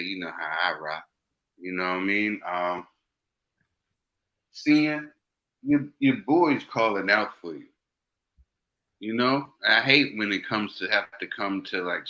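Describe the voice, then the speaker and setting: Low-voiced man giving earnest advice. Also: sharp tone, low-quality recording. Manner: earnest, repetitive, preachy advice. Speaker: co-host. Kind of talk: casual podcast banter.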